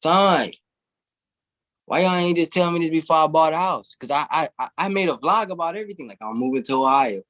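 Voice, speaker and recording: A man's voice: a little high, lively intonation, fast, fairly bright tone. A young man, a guest in an interview, telling a long story casually and animatedly, swearing freely and laughing as he goes.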